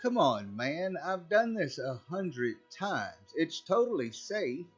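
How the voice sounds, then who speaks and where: A man's voice: a little high, big pitch swings, slow pace, husky, voice pushed up, full character voice. A man voicing a cocky young bad-boy man who talks in a brash, impatient way. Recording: slightly dull recording, faint music.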